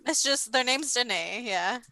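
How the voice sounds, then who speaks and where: Bright-voiced giggly woman playing. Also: on the high side, lively intonation, dry recording, poor audio. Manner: giggly, slow, thinking out loud. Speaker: player. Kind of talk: casual tabletop game chat.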